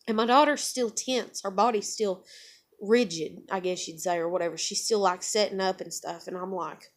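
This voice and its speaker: A woman's voice: medium pitch, fairly quick. A middle-aged woman telling a personal story in a rambling, profane, casual way. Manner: rambling, profane, many fillers. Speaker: vlogger.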